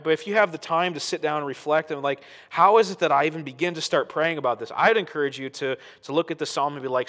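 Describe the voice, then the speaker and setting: A man preaching a sermon in a conversational teaching style, often checking in with the listeners and swinging between loud, excited bursts and quiet asides. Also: a little high, in a large hall. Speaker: pastor.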